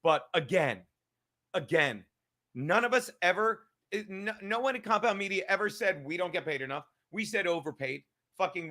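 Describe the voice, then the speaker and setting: Give me a high-pitched man hosting a show, ranting angrily and cursing as he repeats himself for emphasis. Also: pushed and bright. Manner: angry, swearing constantly, emphatic repetition. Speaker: podcast host. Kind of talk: profane live-stream rant.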